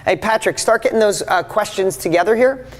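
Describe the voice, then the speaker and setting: A man's voice: high voice, fairly quick. A man in his fifties giving a live motivational talk to an audience, speaking in an enthusiastic, emphatic and conversational way. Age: 50s. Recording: long hall reverb.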